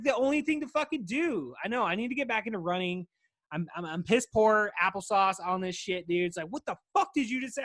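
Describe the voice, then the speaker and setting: A man's voice: high voice, a bit bright, dry recording. A man hosting a podcast in loose casual chat, rambling and swearing often, with a tired voice. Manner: rambling, swears often, says "dude" constantly. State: voice wearing out. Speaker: podcast host.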